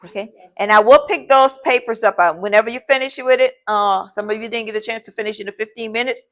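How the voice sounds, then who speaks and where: A woman's voice: fairly high pitch, quick pace. A woman teacher giving a classroom lesson in an informal way. She repeats key points and keeps checking in with the class. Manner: repetitive, checking in with "okay?" and "all right?"; informal, addresses the class as "y'all".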